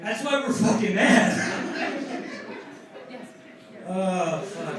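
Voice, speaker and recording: A stand-up comedian in his forties from New Jersey does a profane, self-mocking set on a comedy club stage, speaking slowly with frequent pauses in a high-sitting voice. The mic is heard from afar in an echoey room with crowd noise.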